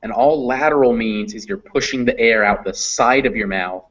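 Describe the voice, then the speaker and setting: A man's voice: medium pitch, moderate pace, fairly bright tone. Male online teacher, patient and explanatory, mid-range voice, muffled call audio. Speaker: online English phonetics teacher. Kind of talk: live online class explanation. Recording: dull lo-fi online class audio.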